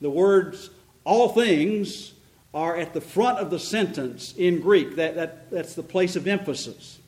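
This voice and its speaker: High-voiced man preaching a sermon. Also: measured pace, poor audio. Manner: animated, rises in pitch for emphasis, frequent restarts. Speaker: pastor. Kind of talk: expository sermon. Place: church.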